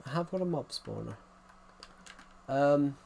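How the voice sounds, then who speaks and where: A man's voice: a little high, lively intonation, measured pace, creaky, dark tone, slight background noise. Rambling male gaming streamer. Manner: rambling, repeats phrases, restarts often; talks directly to viewers as "guys". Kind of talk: casual live-stream chat.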